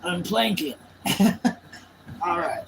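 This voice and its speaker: A man's voice: high voice, lively intonation, slow, vocal fry, sharp tone, a little hiss or hum, rough recording. A man live-streaming, chatting casually with his viewers in a rambling, jokey, self-mocking way.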